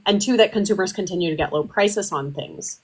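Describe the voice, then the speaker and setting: Lady host with a lowish voice, talking through politics with lots of ums. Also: a little fast, rough recording. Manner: rambling with many fillers. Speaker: livestream host. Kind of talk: casual political debate.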